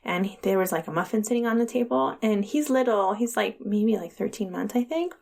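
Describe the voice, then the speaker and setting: A woman's voice: medium pitch, lively intonation, a little fast, gravelly, darkish tone. A woman in her thirties co-hosting a podcast in casual chat, giggly and fond of acting out the voices of people she quotes. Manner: giggly, prone to laughing fits. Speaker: podcast co-host.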